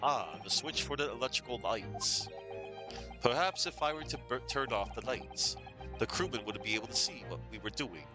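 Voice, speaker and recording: A man's voice: mid-range voice, lively intonation, natural voice. A man reading an earnest young law student. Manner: measured, hesitant reasoning. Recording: game music under voice.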